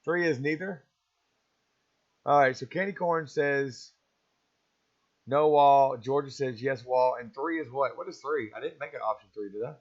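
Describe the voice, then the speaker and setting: A man's voice: mid-range voice, normal speed. A man hosting a casual live-stream chat, rambling and opinionated, often chuckling. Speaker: stream host. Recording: slightly dull, lo-fi stream audio.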